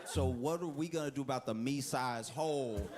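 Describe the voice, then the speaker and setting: A man's voice: mid-range voice, normal speed. A man in his thirties doing a stand-up routine, rambling through stories and laughing at his own asides. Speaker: stand-up comedian. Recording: loud background noise.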